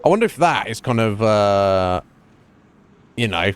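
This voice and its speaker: A man's voice: fairly low pitch, very animated, unhurried, smooth. A man streamer giving casual gameplay commentary, chatty, laughing often, with lots of fillers.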